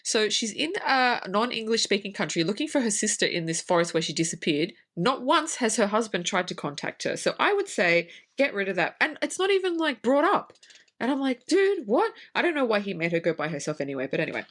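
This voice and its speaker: Australian woman, podcast co-host, casual movie review chat, swears a lot, pitch all over the place. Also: a little fast. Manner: animated, swears freely, ranting.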